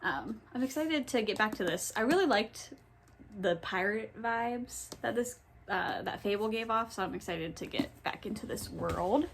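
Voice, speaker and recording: A woman's voice: a little high, lively intonation, moderate pace, vocal fry, slight background noise. Chatty young woman vlogging about books. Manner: chatty, rambling, with many ums and self-corrections. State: has the hiccups. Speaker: book vlogger. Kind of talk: casual chat. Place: home, in her pajamas.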